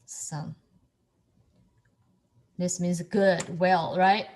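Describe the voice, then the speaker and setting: A woman with as her teaches tones over a video call. She speaks slowly and a little high, stopping and repeating words as she goes. She laughs often between explanations. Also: animated, slight background noise. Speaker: Mandarin tone teacher. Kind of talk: online class instruction.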